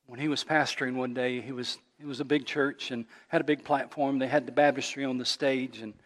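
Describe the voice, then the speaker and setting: A male pastor preaching a sermon, telling a story and rising louder and higher at its emotional peaks. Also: little pitch movement, brisk, big-room sound.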